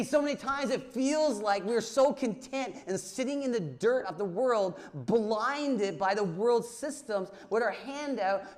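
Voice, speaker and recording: Man, high voice, youth pastor sermon, hushed then loud, repetitive questioning. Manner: swings from hushed intimate asides to loud emphatic preaching; repeats phrases for emphasis, asks the audience questions.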